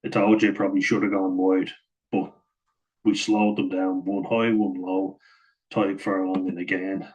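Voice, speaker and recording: A man's voice: low voice, little pitch movement, measured pace, darkish tone, highs cut off. A man giving a chatty, casual voice-over breakdown of rugby footage, often saying "like" and chuckling at his own asides. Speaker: rugby match analyst.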